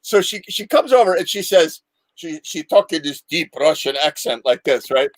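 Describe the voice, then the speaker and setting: A man's voice: on the high side, animated, normal speed, no room sound. A man telling a long, rambling story in casual chat on a live show, full of restarts.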